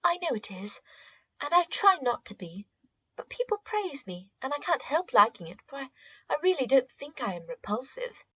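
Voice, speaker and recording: A woman's voice: high-pitched, sing-song, moderate pace, fairly bright tone, no room sound, pitched above the performer's own voice. A woman voicing a vain, easily flustered young girl who protests eagerly in a storybook reading. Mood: earnest. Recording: dull, muffled audio.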